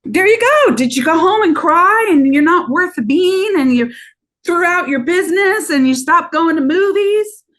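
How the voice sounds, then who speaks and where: A woman business coach on a podcast, talking in a lively way and acting out bits of sales talk. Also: very high-pitched, normal speed. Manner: animated, acts out sales talk.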